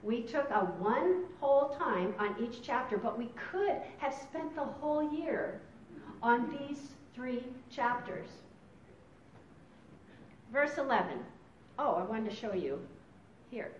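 A high-voiced woman teaches a Bible study, reading scripture aloud with emphatic, animated delivery. Her pitch leaps up and down as she talks. She sounds distant and roomy on a dull recording. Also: takes it slowly, pauses often, slight background noise.

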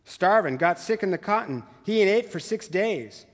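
A man reading out the lines of a desperate, starving farm boy in a croaking monotone. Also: sits high, normal speed, big-room sound.

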